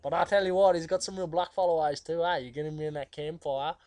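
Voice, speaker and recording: A cheeky, laid-back outback guitarist with an Australian accent, played by a man rambles in slang full of fillers. His voice sits a bit high, and the recording is close and dry. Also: steady tone, fast talker, darkish tone, no room sound, natural voice. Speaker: musician being interviewed. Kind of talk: comedic character interview.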